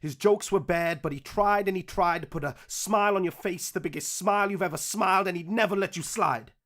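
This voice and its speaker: A man's voice: high-pitched, fairly quick, fairly bright tone, pitched above the performer's own voice. A man rapping a cappella in a put-on American accent, rhythmic and earnest, recorded on a USB microphone. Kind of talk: a cappella rap.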